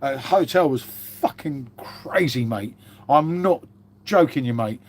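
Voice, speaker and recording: A man's voice: medium pitch, animated, slow pace, slight background noise. A man in his fifties hosting a casual live stream, rambling through stories, swearing freely and calling everyone mate. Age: 50s.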